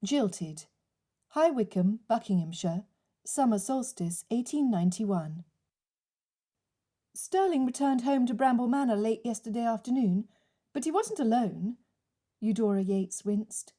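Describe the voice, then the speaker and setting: A woman narrating a historical novel as an audiobook, measured and steady, raising her voice for the characters' lines. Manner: measured, lifts pitch for quoted characters.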